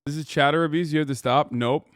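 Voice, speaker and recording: A man's voice: on the high side, fairly even intonation, fast, no echo, clean studio sound. A man in his thirties hosting a livestream, reacting in casual, sarcastic and profane commentary. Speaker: livestream host.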